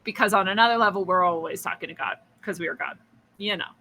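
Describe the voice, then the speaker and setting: A woman's voice: mid-range voice, fast, pushed and bright, a little hiss or hum, rough recording. A woman hosting a podcast, musing through a spiritual story in a chatty way, with frequent laughs and restarts. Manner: acts out quoted voices. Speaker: podcast host.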